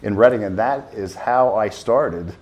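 A man telling a long story in an interview, rambling and animated with many restarts. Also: fairly low pitch, unhurried, crowd noise. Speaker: festival volunteer driver.

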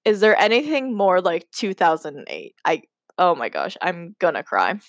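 A woman's voice: lowish voice, big pitch swings, normal speed, dry recording, clean studio sound. A young woman hosting a casual podcast, reading her old writing aloud and mocking it with lots of laughter and "like". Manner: giggly, self-mocking, says "like" a lot. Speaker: podcast host.

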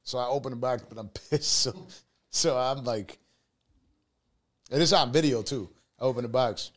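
Profane, animated storytelling man in his thirties. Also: mid-range voice, moderate pace. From Buffalo, New York. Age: 30s. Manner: animated storyteller acting out quoted lines, profane. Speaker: podcast host. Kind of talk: casual podcast chat.

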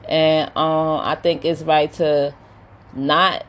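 Chatty, opinionated woman with a lowish voice. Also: takes it slowly. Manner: chatty, opinionated, animated retelling with quoted voices; many fillers like um and you know. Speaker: commentator recapping a reality show. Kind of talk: casual chat.

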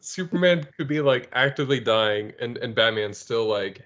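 A man's voice: mid-range voice, lively intonation, moderate pace, a bit bright. A man chatting casually about comics, laughing often and chiming in with jokes. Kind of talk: casual comic book chat. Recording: dull lo-fi sound.

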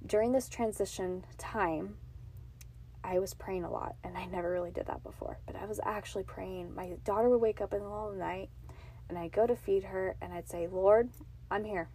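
A woman's voice: mid-range voice, steady tone, a little fast, dark tone, slight background noise. A woman in her thirties hosting her own podcast from a home closet, telling her faith testimony in an earnest, emotional, confiding way. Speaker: podcast host. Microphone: podcast mic on a box.

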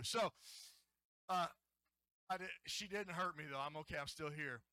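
A man's voice: sits high, normal speed, long pauses, bright, forceful tone, no echo. A middle-aged man preaching a sermon as a pastor, playful and joking, coaxing the congregation to join in. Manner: playful, jokey, coaxes audience to join in. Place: church hall.

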